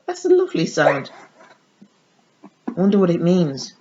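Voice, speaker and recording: A woman's voice: fairly low pitch, wildly swooping pitch, normal speed, mellow. A woman vlogger chatting casually as she demonstrates a baby doll, cooing baby talk to the dolls. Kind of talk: casual toy unboxing demo. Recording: dull lo-fi sound with faint noise.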